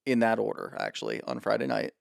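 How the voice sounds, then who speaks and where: A man's voice: on the low side, huge pitch swings, quick pace, vocal fry, dry recording, studio quality. A man co-hosting a podcast, chatting casually about reality TV in a rambling, jokey way, with tangents and swearing. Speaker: podcast co-host. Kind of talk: casual chat recapping reality TV.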